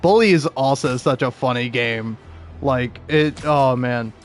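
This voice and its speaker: A man's voice: medium pitch, measured pace, soft background music. A young man talking casually about video games, rambling with lots of fillers and frequent laughs. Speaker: video game commentator.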